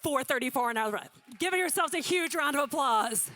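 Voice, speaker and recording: A woman auctioneer from Louisiana works a live charity paddle raise, firing off numbers and tossing quick jokes to the crowd. Her voice sits high and comes across bright and crisp through a handheld mic in a big banquet hall. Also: lively intonation, a little hiss or hum. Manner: rapid number-calling with joking asides.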